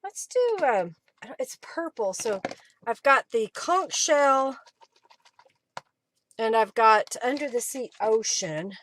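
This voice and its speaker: A slightly high-voiced woman talks through her crafting on a live stream. She is chatty and thinks aloud as she works, casual and unscripted. She is in a craft room at home, with a faint hiss and clicks behind her. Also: expressive, slow, long pauses, fairly bright tone.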